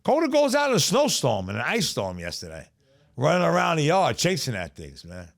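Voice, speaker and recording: A man's voice: a little high, wildly swooping pitch, a little fast, creaky. A middle-aged man with a New York accent, telling streetwise stories in a casual, profane podcast chat. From South Bronx, New York. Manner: streetwise, profane, repeats "you know what I'm saying". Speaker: podcast guest storyteller.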